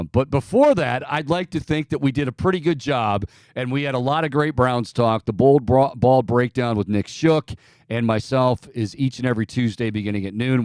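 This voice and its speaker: A man's voice: mid-range voice, a little mellow, smooth, no room sound. A man hosting a studio sports talk show, breaking down plays and rattling off upbeat plugs and a sign-off. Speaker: sports radio host.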